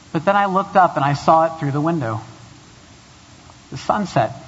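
A man's voice: sits high, a bit bright, breathy edge. A man preaching a chapel sermon, joking about himself before turning earnest and emphatic. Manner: self-deprecating humor, building to earnest emphasis. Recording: dull recording in a long-echo hall.

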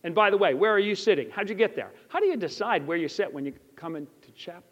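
A man with a high voice preaches in a chapel, speaking in an earnest storytelling way and putting questions straight to the people in the seats. The sound is slightly dull, and long reverb hangs in the hall around him. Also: very animated, fast, fairly bright tone. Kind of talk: sermon with personal story.

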